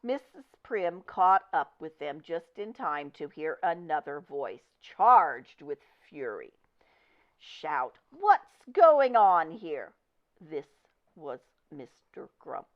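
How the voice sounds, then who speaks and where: A woman reading a children's picture book aloud with expressive, deliberate storytelling. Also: deep voice. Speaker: storybook reader. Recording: dull lo-fi recording.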